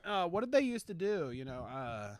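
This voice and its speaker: A man's voice: fairly high pitch, sing-song, moderate pace, clear, resonant tone, no room sound, clean studio sound. A man with a Midwestern American accent co-hosting a podcast in casual chat, rambling, laughing often and swearing freely. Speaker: podcast co-host.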